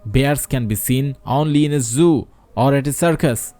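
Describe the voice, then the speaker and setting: A man's voice: medium pitch, normal speed, warm tone, soft background music, natural voice. Man doing a scolding factory president. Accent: Bangladeshi. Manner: scolding, intense. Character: pompous, stubborn factory president, middle-aged man.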